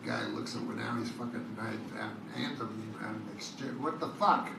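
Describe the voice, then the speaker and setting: A man doing a stand-up routine in a casino theater, deadpan, rambling and profane. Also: fairly low pitch, moderate pace, creaky, noisy background. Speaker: stand-up comedian. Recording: echoey live room heard from far off, loud audience.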